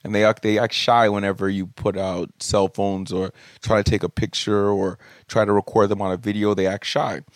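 A young adult man hosting a podcast, telling comic stories about his kids in an animated, jokey way and swearing casually. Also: on the low side, normal speed, hardly any pauses, no echo, studio quality. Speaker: podcast host. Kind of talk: comedic storytelling monologue. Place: home studio room.

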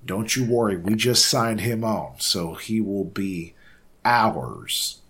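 A man's voice: fairly low pitch, slow, fairly bright tone, slightly rough, full character voice. A man voicing an eager, apologetic grown man who stammers sheepishly.

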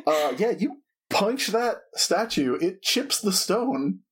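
A man's voice: sits high, very animated, takes it slowly, husky. A man acting as game master, narrating a tabletop game in a dry, teasing way.

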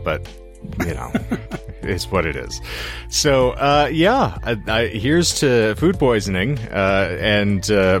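A man co-hosting a podcast with a hoarse, sore throat, telling long rambling stories with wry asides. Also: low-pitched. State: hoarse throat after illness. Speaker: podcast co-host. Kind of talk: casual podcast chat.

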